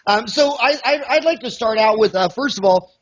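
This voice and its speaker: A man's voice: very high-pitched, animated, moderate pace, dull audio. A man from the United States hosting an interview in a joking, rambling way with many fillers. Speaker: podcast host. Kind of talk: casual interview.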